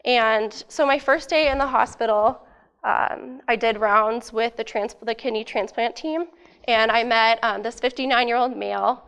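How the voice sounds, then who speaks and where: A young woman gives a student presentation in a casual, eager way, filling her pauses with "um" and "like." Her voice sits a little high and sounds slightly worn. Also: a bit bright, smooth. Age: young adult. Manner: casual, many fillers, eager. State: losing her voice. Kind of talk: academic presentation.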